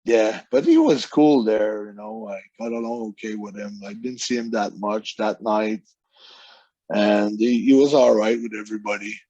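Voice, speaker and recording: A man's voice: on the low side, normal speed, mellow, no echo, highs cut off. Man telling rambling stories. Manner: rambling anecdotes with quoted voices. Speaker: wrestler guest. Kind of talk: casual storytelling interview.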